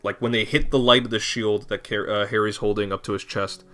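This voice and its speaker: A man's voice: lowish voice, steady tone, brisk, bright, forceful tone, faint music behind. A man narrating a tabletop game as game master, in a loose, searching way.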